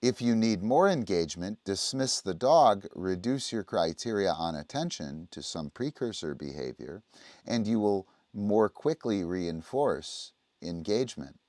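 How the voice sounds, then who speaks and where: A man's voice: lowish voice, animated, measured pace, darkish tone, no room sound. A man teaching dog training on a livestream, explaining casually and often checking in with the listener. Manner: conversational, explaining, often asks "right?".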